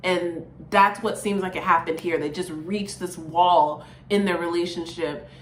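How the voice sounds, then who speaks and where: A woman hosting her own YouTube channel reacts to song lyrics, talking through them in a chatty, expressive way and saying "like" a lot. Her voice is on the low side and a little slow, with a roomy sound and a slight hiss or hum.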